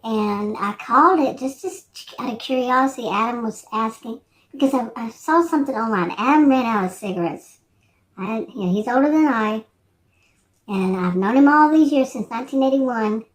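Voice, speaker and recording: Rambling older woman, slightly high voice. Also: moderate pace. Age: 60s. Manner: meandering, hesitant, many restarts and fillers. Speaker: vlogger. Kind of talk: rambling casual chat.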